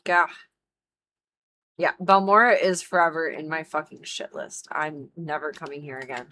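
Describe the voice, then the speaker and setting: A woman livestreaming a game, her voice sitting a little low for a woman. She talks casually, swearing freely and griping with over-the-top mock emotion. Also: normal speed, sharp tone, a little hiss or hum, rough recording. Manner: dramatic, swears a lot, mock-emotional complaining. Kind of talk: casual gaming commentary.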